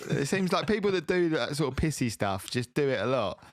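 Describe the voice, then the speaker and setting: A man's voice: fairly high pitch, big pitch swings, brisk, no echo, clean studio sound. A man with an Essex accent telling crude stories in a casual podcast chat. He swears freely and laughs as he talks. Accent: Essex English. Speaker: podcast co-host.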